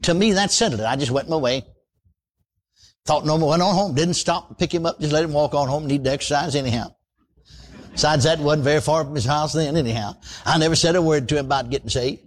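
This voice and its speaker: An older man preaching a radio sermon in a folksy, animated way, calling for amens. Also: a little high, a little fast.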